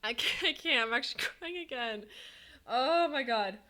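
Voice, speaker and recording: A woman live streaming to chat, talking casually and excitably, laughing often and swinging between giddy and teary. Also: on the high side, normal speed. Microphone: headset.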